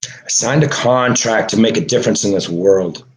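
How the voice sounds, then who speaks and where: A man delivering an emotional monologue, agitated and swearing, swinging from low mutters to shouting. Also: moderate pace. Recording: echoey room.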